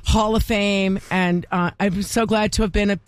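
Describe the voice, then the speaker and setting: A woman's voice: medium pitch, steady tone, normal speed, no room sound. A woman radio station boss giving an earnest, heartfelt tribute on air. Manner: warm, earnest praise.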